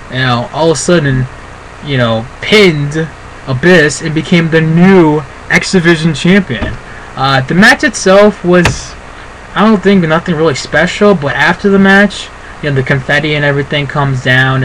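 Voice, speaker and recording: A man's voice: a little high, a bit bright, slight background noise, poor audio. Chatty man rambling through a review. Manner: rambling, chatty, many fillers. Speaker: wrestling show reviewer. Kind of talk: casual spoken review.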